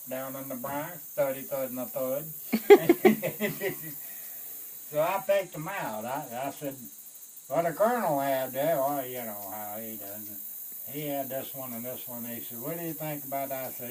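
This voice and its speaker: A man, a Vietnam veteran, telling a war story in an animated way, swearing and acting out the voices of others. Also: medium pitch, moderate pace, slight background noise, poor audio. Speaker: Vietnam veteran recounting service.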